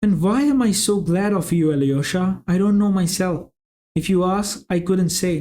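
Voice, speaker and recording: A giddy, teasing young woman gushes and prattles in an audiobook scene. Her voice sits fairly high, with a soft, mellow tone, as a male reader puts her on. She chatters warmly and quickly from one thought to the next. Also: lightly acted. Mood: gushing teasing. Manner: prattling, gushing, playful.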